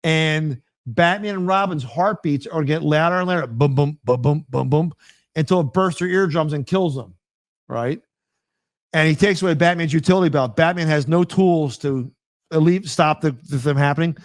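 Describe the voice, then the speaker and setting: A man co-hosting a casual chat, telling stories with lively acted-out bits. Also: a little high, moderate pace, no echo. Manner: animated storyteller, acts out scenes and sound effects. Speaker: podcast co-host.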